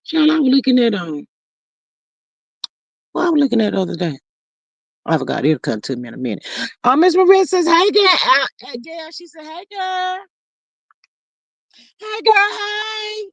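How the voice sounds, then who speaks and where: A woman's voice: high-pitched, wildly swooping pitch, brisk, gravelly, long pauses, no echo. Chatty woman livestream host. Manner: chatty, calls listeners "child" and "y'all". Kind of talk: casual chat reading viewer comments.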